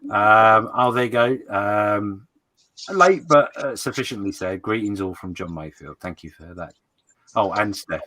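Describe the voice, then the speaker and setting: Brief: male stream host, clear bright tone, easygoing, reads out viewer comments and laughs often. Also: fairly low pitch, unhurried, a little hiss or hum. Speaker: livestream host. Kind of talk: casual livestream chat.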